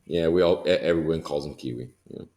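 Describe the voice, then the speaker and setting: A man with a very low-pitched voice, talking casually as a guest on a podcast. He speaks in quick bursts, laughs often and restarts his sentences. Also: mellow. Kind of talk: casual conversation.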